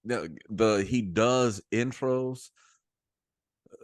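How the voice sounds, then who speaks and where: A middle-aged man with a deep voice, co-hosting a casual talk show and telling stories in a halting, rambling way. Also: dry recording, clean studio sound. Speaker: co-host. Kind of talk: casual chat.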